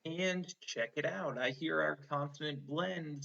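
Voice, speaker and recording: In a one-on-one spelling lesson, a male teacher speaks slowly and patiently, sounding out words and praising his student. His bright voice sits on the high side with some creak. The recording quality is dull and lo-fi.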